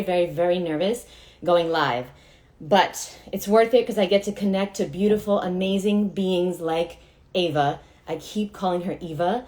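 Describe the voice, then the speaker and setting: A woman's voice: mid-range voice, a little mellow. A woman hosting an Instagram live from Miami, chatting with playful, teasing energy. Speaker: host.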